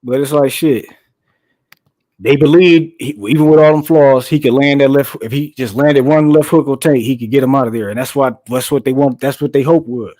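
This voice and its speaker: A man's voice: mid-range voice, fairly even intonation, a little fast, warm tone, no room sound, low-quality recording. A man in casual chat, talkative and profane, explaining his views at length.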